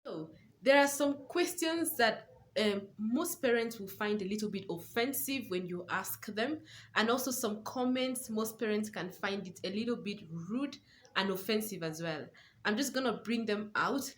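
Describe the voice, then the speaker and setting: A woman's voice: medium pitch, lively intonation, moderate pace, a little hiss or hum. A young woman, a new mother and parenting coach, giving earnest advice to camera and repeating words for stress. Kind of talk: casual advice talk to camera.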